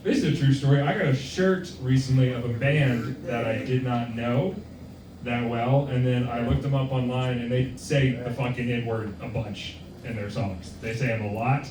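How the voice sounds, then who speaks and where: A man's voice: mid-range voice, steady tone, normal speed, far from the mic. A young man performing a stand-up set, offhand and self-deprecating, with lots of swearing. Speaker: stand-up comic. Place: comedy club. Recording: roomy club sound from afar, room noise.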